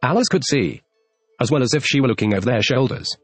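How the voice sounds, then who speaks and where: A man reading a classic storybook aloud as an audiobook narrator, in a lively storytelling way. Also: medium pitch, fast, no room sound, soft background music. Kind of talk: scripted narration.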